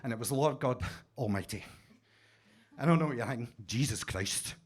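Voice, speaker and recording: A man's voice: medium pitch, normal speed. A Scottish man doing a stand-up set in a basement comedy club, telling stories with mock-pompous wordplay into a stage mic. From Scotland.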